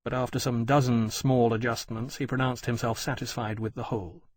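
A man reading a novel aloud in even, measured scripted narration. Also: medium pitch. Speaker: audiobook narrator.

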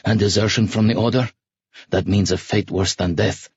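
A man voicing a gentle but insistent male colonel in an audiobook, coaxing and earnest. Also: fairly low pitch, fairly even intonation, moderate pace, slightly rough, no room sound, dull audio. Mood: persuasive.

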